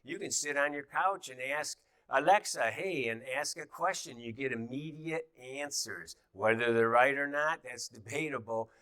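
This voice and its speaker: A man's voice: medium pitch, normal speed, hardly any pauses, fairly bright tone, smooth, no echo. Chatty male teacher, dry close sound. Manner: chatty, many fillers and restarts, acts out little quoted thoughts. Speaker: teacher of a class. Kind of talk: conversational teaching.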